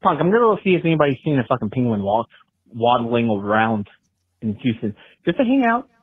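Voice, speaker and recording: A man's voice: mid-range voice, sing-song, a little fast, breathy edge. A man voicing a petty, boastful man with a lisp who leaves rambling voicemails and waves things off with "blah, blah". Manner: dismissive, trails off into "blah, blah". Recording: dull lo-fi voicemail audio.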